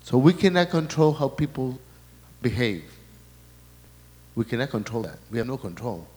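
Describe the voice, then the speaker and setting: Halting male priest in an echoing hall. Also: mid-range voice, big pitch swings, darkish tone. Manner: halting, restarts and repeats words, relays quoted messages. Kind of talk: sermon talk.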